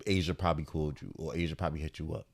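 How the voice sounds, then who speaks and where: A man in his thirties, a podcast co-host telling a story in casual chat, animated and laughing often as he acts out the voices. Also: extremely low pitch, racing, creaky.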